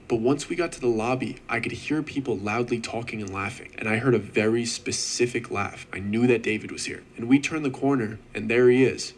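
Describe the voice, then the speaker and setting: A man's voice: medium pitch, slight background noise. Young man telling a tense story. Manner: earnest, steady recounting with casual slang. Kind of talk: first-person story narration.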